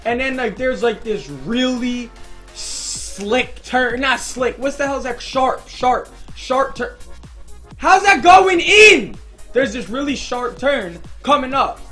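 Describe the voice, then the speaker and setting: A high-voiced young man spins a loose, rambling storytime while playing a game, slipping into loud, excited bursts as he acts out the moments. Faint game music plays under his voice throughout. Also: slow. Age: young adult. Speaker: gaming YouTuber. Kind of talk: casual storytime over gameplay.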